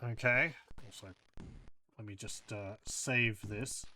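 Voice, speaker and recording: A man's voice: on the low side, steady tone, slow, pushed and bright, slight background noise. A man playing through a retro role-playing game, thinking aloud and reading out game text and combat results. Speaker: let's play host. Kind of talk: casual gameplay commentary.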